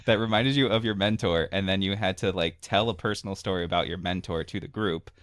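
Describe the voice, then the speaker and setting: Low-voiced man telling a rambling story. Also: brisk, a bit bright, no room sound, clean studio sound. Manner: rambling storyteller, filler-heavy, laughing asides. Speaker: podcast co-host. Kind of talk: casual chat.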